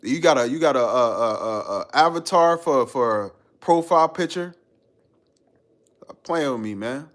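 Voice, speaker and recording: A man talking casually on a live stream at a mid-range pitch for a man. His delivery is relaxed and full of slang, he laughs easily, and he answers viewer comments as they come in. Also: a little slow. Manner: laid-back and slangy, laughing often, riffing on chat comments.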